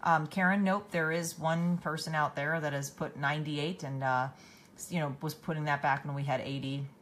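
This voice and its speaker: Woman, very low voice, live-stream host, tired, chatty, reads viewer comments aloud, lots of ums and restarts. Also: steady tone, moderate pace, a bit bright, slight background noise. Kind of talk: casual live-stream chat.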